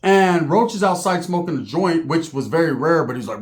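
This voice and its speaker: Man, casual profane storyteller; slightly raised pitch. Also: lively intonation, moderate pace. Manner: profane, rambling, joking.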